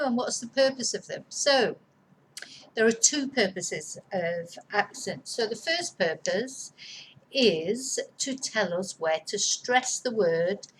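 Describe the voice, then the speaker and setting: A woman teaches Spanish pronunciation in a relaxed, chatty way, wandering off and circling back as she explains. Her voice sits at a middling pitch, with a faint hum of room noise behind her. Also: rough recording. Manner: chatty, rambling, self-correcting. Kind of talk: casual explanatory lesson.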